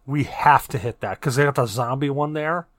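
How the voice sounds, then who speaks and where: Middle-aged man, podcast co-host, animated profane storytelling, dry close sound. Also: medium pitch, moderate pace, no echo. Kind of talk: casual chat.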